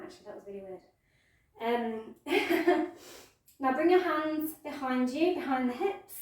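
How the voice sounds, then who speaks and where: Woman yoga teacher, playful gentle cueing, higher voice, very echoey room, mic set back. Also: distant mic. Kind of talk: guided yoga class instruction.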